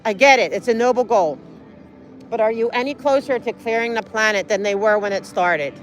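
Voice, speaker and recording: A woman's voice: a little high, a little fast. A woman livestreaming outdoors on a city street, talking in an earnest, pleading, rambling way. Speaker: livestreaming auditor.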